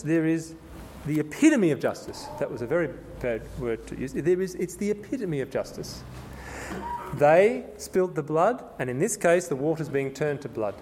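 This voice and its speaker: A man preaching through a Bible passage, stumbling and restarting as he explains, then reading scripture slowly and with emphasis. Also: fairly high pitch, big pitch swings, a little mellow, a little hiss or hum. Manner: conversational, with frequent restarts and repetitions. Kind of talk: sermon, Bible exposition.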